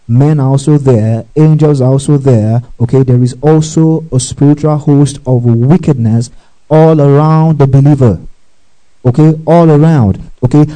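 A man's voice: mid-range voice, dark tone, poor audio. A man preaching a teaching sermon who checks in often with his listeners and spells out words letter by letter. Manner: checks in often with "okay?" and "right?".

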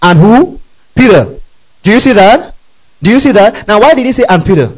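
A man preaches with a high-pitched voice. He is animated, keeps asking his listeners questions, and chuckles between phrases. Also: normal speed, poor audio. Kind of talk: sermon.

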